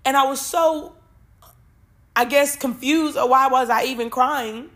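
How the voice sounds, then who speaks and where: A woman's voice: sits high, a little slow, a bit bright. A woman, reading Bible verses and talking emotionally and informally, swearing freely, on her spiritual podcast.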